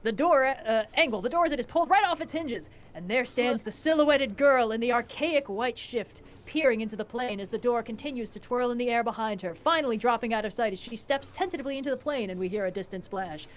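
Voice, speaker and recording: A woman's voice: a little high, fairly quick, few pauses. A woman hosting a stream, reading a screenplay's stage directions aloud with wry asides. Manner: wry, adds snarky asides. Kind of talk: casual screenplay read-aloud.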